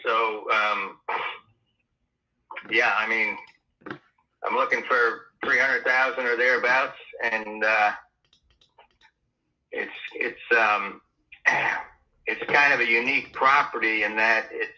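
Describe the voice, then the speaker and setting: A man selling his house on a phone call, hesitant and full of ums, clearing his throat. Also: on the low side, steady tone, slow pace, pauses often, pushed and bright. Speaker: home seller on a phone call.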